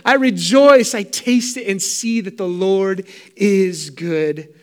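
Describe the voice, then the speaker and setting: A man's voice: high-pitched, slow pace. A middle-aged man preaching a sermon as pastor, fervent and emphatic with repeated phrases.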